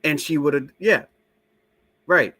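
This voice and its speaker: A man's voice: a little high, slow, sharp tone. A man hosting a casual stream, talking to his chat in a profane, skeptical way. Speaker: show host. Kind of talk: casual live-stream talk.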